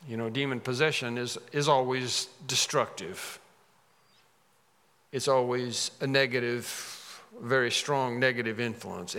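A man delivers an expository sermon at a middle pitch, his voice trailing off into the long reverb of a large hall. He builds to sudden, emphatic rises whenever he quotes scripture. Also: a bit bright. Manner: expository preaching, dramatic rises when quoting scripture. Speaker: preacher.

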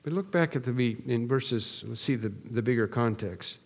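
A pastor preaches an expository sermon in a large hall, earnest and emphatic, building momentum through repeated phrases and frequent restarts. His voice is mid-range and his pace moderate.

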